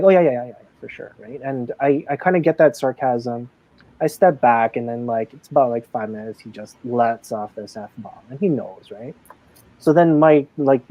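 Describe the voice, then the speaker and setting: A chatty man recounts his days as a casino games manager in a relaxed, rambling way, often acting out the people he met. His voice is mellow and dark, and the sound is close and dry. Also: medium pitch, no room sound, muffled recording. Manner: chatty, full of fillers and acted-out quotes. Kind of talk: casual interview storytelling.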